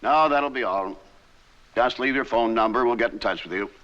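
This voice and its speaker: Man doing a dismissive employment agent, crisp voice, faint hiss, old TV audio. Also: medium pitch, normal speed, pushed and bright, muffled recording, natural voice. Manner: curt, dismissive. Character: curt male employment agent.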